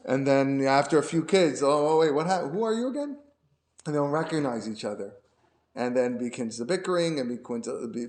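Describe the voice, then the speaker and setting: A man's voice: medium pitch, darkish tone. A man who is a rabbi, giving a conversational lecture class and often repeating his words as he explains. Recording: roomy echo.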